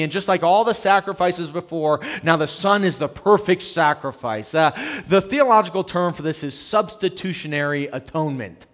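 A male pastor with a slightly high voice and lively intonation preaches a little slowly. His conversational sermon swings between loud emphasis and hushed quiet, and he often repeats words as he opens a phrase.

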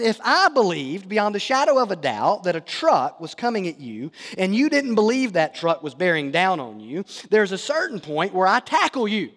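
A man's voice: high voice, fairly bright tone, in a large hall. A man preaching a sermon as pastor, earnest and emphatic, often asking rhetorical questions.

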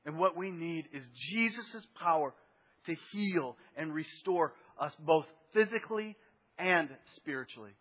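A man with a high voice delivers a sermon as pastor, talking in a conversational way and breaking off for rhetorical asides. The recording sounds a little dull and muffled. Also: expressive, unhurried, big-room sound.

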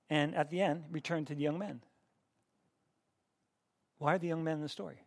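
Gravelly-voiced middle-aged man teaching a class. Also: a little high, fairly even intonation, moderate pace, pauses often, no room sound, studio quality. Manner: conversational, questions the class, frequent restarts. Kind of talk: interactive Bible teaching.

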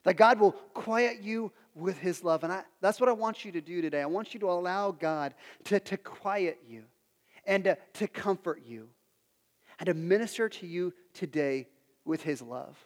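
Earnest high-voiced male pastor in a hall. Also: moderate pace. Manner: earnest, repeats phrases, drops soft for prayers. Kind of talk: sermon. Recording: long hall reverb with soft music behind.

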